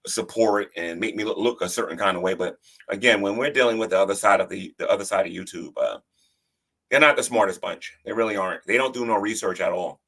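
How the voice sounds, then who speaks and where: A man with a low voice gives casual livestream commentary and reads out the chat. His voice is gravelly and husky. He sounds defensive, and he often stumbles, repeats words and restarts his sentences. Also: a bit bright.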